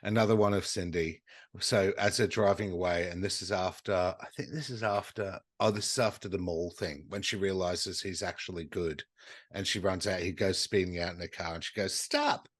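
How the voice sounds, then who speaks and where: A man with a very deep voice, co-hosting a casual podcast. He retells action movie scenes with lots of swearing. He throws himself into the quotes, jumping up into high voices for the characters. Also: fairly even intonation, normal speed, dry recording. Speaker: podcast co-host.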